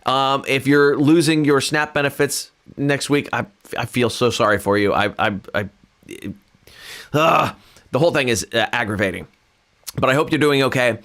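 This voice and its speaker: A Californian man, a livestream host and musician, talks casually from home while playing guitar, which is faintly audible. His voice is medium-pitched and fairly bright at a moderate pace, and he rambles earnestly and self-deprecatingly with frequent restarts.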